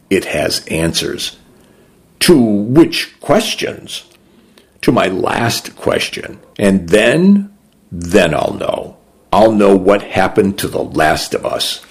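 A man narrating a story in the first person, in a measured, unhurried and somber way. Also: low voice, vocal fry.

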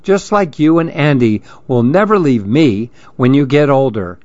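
A man's voice: medium pitch, animated, unhurried, a little mellow, no echo, close to an everyday voice. A man voicing a playful Dominican mother in a storybook reading, teasing and sprinkling in Spanish words. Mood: cheerful. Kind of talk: storybook narration. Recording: dull lo-fi dry recording.

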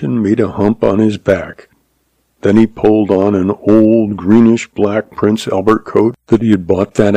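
A man reading a Western story aloud as narrator, in steady, measured storytelling. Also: lowish voice, creaky, no echo, low-quality recording. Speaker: audiobook narrator.

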